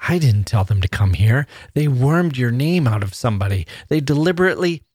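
A man's voice: mid-range voice, expressive, brisk, darkish tone, slightly rough, no echo, clean studio sound, voice pushed up. A man reading as a tense, remorseful father. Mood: pleading. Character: tense remorseful middle-aged father, pleading.

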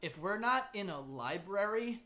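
A man's voice: high voice, lively intonation, measured pace, pushed and bright. A man co-hosting a comedy podcast, riffing in casual, crude banter and laughing often. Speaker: podcast co-host.

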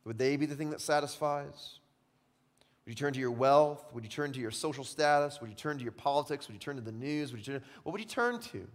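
A man preaching a sermon as pastor, swinging from hushed, intimate questions to loud, impassioned exclamations. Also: medium pitch, lively intonation, quick pace. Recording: long reverb of a large hall.

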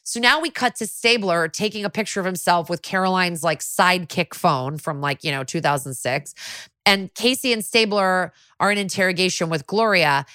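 Podcast host, woman, low and forceful, casual talker with lots of "like", dry close sound. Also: normal speed, dry recording. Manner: chatty, peppered with "like" and swearing. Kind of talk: casual recap chat.

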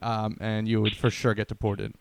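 A man's voice: fairly low pitch, monotone, normal speed, gravelly, slight background noise. A man in casual podcast chat, teasing his co-host with crude banter.

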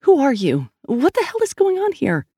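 A man reading an audiobook, voicing a blunt, demanding female police detective with sharp questions. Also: very high voice, wildly swooping pitch, moderate pace, no room sound, clean studio sound, pitched above the performer's own voice, heavily acted.

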